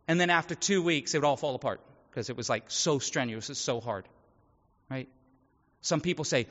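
A high, bright-toned man preaches a sermon in a casual, chatty way, slipping into the voices of people in his stories. His voice rings through a reverberant church hall, and the sound is dull and muffled. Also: normal speed. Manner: conversational, acts out quoted voices. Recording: echoey hall, dull audio.

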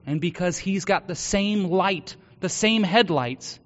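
Male pastor, high voice, earnest sermon delivery that drops to a hush then builds loud; dull recording in a reverberant hall. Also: a little slow, hardly any pauses. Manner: earnest, swings from hushed confession to loud exhortation.

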